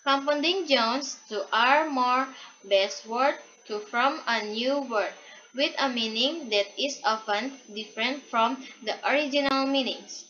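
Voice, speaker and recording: A young woman student reading a class presentation aloud from a prepared script, haltingly and with restarts, on a dull lo-fi recording. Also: sits high, sharp tone, a little hiss or hum.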